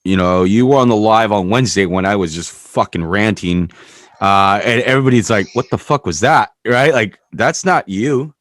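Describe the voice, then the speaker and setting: Man, podcast host, low voice, dry close sound, candid, rambling, casual talk with swearing. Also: expressive, normal speed, a bit bright, no room sound.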